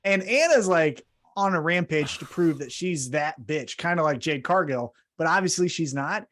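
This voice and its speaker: Lively, animated man co-hosting a podcast. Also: on the high side. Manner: animated storytelling, quick asides and self-corrections. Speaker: podcast co-host. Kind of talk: casual chat recapping wrestling shows.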